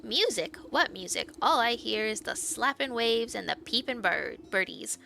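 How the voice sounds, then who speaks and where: A woman's voice: on the high side, lively intonation, moderate pace, gravelly, pushed and bright, voice pushed up, heavily acted. A woman voicing a tiny mocking male nature spirit in a fairytale game, chittering and taunting. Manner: chittering, taunting, sing-song.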